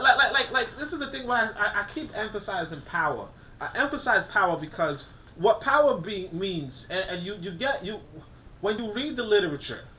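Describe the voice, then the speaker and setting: A man giving a casual spoken commentary in an animated way, restarting phrases and saying "you know" often. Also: high voice, highs cut off.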